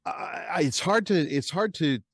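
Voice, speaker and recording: A man's voice: high-pitched, moderate pace, vocal fry, breathy edge, no echo, studio quality. An American man, a guest and audiobook narrator, talking casually and with animation in an interview. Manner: animated, chatty storyteller who laughs easily.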